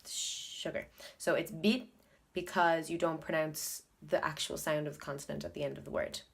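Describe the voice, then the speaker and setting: Low-voiced Irish woman chatting on her vlog. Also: fairly even intonation, normal speed, gravelly. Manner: chatty, thinks aloud, repeats words to practise. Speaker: video blogger learning Korean. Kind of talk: casual study vlog.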